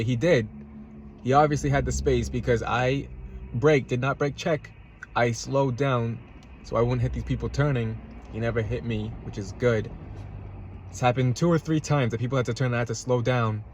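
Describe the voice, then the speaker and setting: Parked in a parking lot, a vlogger tells a road-rage story from his car in a casual, agitated rant, swearing and repeating himself. His voice is mid-range, with slight background noise.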